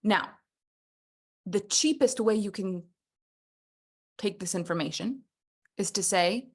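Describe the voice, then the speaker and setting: A woman coaching a personal development workshop, animated and playful, acting out little scenes as she teaches. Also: mid-range voice, measured pace, long pauses.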